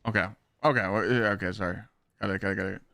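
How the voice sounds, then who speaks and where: A man's voice: sits low, steady tone, fast, creaky, sharp tone, no room sound. Profane, rambling male game streamer. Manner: profane, rambling, reads chat aloud. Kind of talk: casual live-stream chat.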